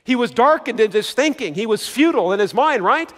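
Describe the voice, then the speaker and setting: A man preaching a sermon with a high voice that leaps all over the place. He hammers home words by repeating them and throws questions out to his listeners, and his voice rings with a long hall reverb. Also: animated, brisk, a bit bright. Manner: emphatic, repeats key words, asks the congregation questions. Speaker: pastor.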